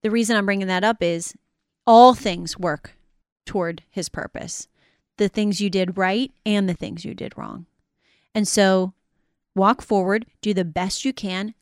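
A woman's voice: medium pitch, no room sound. Woman host for a faith talk show, middle-aged, earnest and encouraging, quotes scripture, dry close mic.

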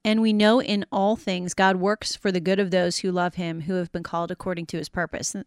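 A woman's voice: on the low side, flat delivery, brisk, smooth, no room sound. Woman host for a faith talk show, middle-aged, earnest and encouraging, quotes scripture, dry close mic.

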